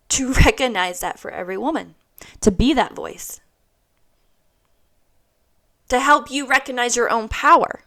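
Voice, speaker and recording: A woman in her thirties delivers a motivational monologue in a bright, forward voice. She is blunt and swears freely, driving each point home by repeating it. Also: on the high side. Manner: blunt, heavy swearing, emphatic repetition. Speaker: host.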